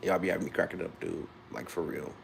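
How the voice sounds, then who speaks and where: A man's voice: low-pitched, fairly even intonation, quick pace, vocal fry, a little hiss or hum. A young man in his twenties from Ohio, rambling casually to his live-stream viewers with loose restarts. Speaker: livestreamer.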